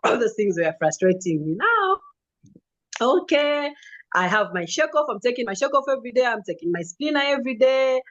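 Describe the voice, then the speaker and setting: Animated woman telling her story. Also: a little high, moderate pace, highs cut off. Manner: vivid storytelling with acted quotes and laughs. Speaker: customer giving a testimonial.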